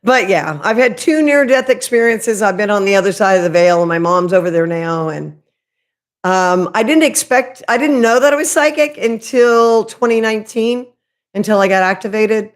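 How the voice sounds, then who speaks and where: A woman hosting a casual spiritual livestream, talking loudly and candidly, rambling and restarting her sentences and swearing casually. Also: mid-range voice, moderate pace. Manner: loud, chatty, rambling with frequent restarts. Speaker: livestream host.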